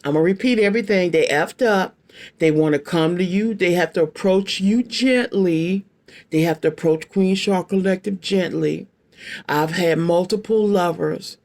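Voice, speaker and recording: A woman's voice: fairly low pitch, normal speed, darkish tone. A woman in her late fifties giving a casual tarot reading to her viewers, blunt and emphatic, repeating her phrases and using slangy, folksy talk. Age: 50s. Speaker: tarot card reader.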